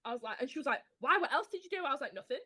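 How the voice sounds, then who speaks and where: A woman, an author being interviewed, who tells stories in a lively way, acts out her own dialogue and swears casually. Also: high voice, rapid-fire, no echo, studio quality. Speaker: author guest. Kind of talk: casual chat.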